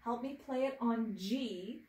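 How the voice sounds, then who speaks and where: A woman's voice: fairly high pitch, slow, warm tone, recorded from a distance. Encouraging piano teacher, woman, roomy sound. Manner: encouraging, patient, step-by-step instruction with chanted rhythm syllables. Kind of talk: recorded music lesson for students at home. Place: room with a piano. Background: piano playing.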